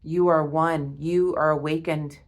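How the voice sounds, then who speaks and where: A woman giving a spiritual tarot reading to her viewers, awed and emotional, repeating herself and often breaking off with a soft "wow.". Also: deep voice, steady tone, a little slow. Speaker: tarot reader.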